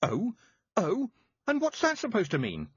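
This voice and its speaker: Fiery, stubborn young witch girl from a storybook, pitched very high and swooping, as a male narrator acts her out. She answers back indignantly, with a husky grain. The sound is dry and a little dull. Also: huge pitch swings, a little slow, no room sound, heavily acted.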